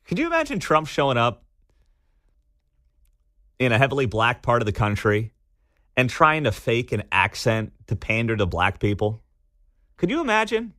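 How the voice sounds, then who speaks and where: A man's voice: mid-range voice, huge pitch swings, moderate pace, long pauses, fairly bright tone, no room sound. Sarcastic man hosting talk radio. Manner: sarcastic, incredulous. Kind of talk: opinionated talk radio commentary. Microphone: studio microphone. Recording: dry studio sound.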